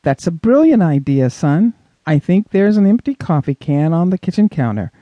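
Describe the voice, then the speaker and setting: A man's voice: a little high, big pitch swings, moderate pace, no echo, highs cut off. A man voicing a patient young father, kind and reassuring. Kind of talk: audiobook character voice.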